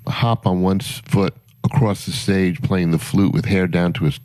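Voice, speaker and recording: A man's voice: deep voice, normal speed, darkish tone, no echo. A man, a concert promoter guest on a morning radio show, telling rambling anecdotes with many fillers. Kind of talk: casual radio storytelling.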